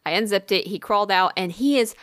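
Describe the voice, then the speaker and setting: A woman's voice: mid-range voice, fast, no echo, studio quality. A woman telling a long story in casual chat, swearing freely and acting out what people said. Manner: animated storytelling, frequent swearing, acts out quoted dialogue.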